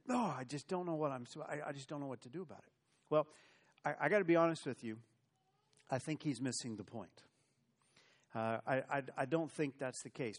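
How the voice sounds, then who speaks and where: A male pastor preaching an earnest sermon, stumbling over repeated restarts and adding wry asides. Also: mid-range voice. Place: church.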